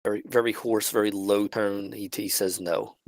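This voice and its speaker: A man narrating as game master of a tabletop role-playing game, halting and restarting often. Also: fairly low pitch, level tone, a little mellow, no room sound, poor audio. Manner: halting, many restarts and fillers.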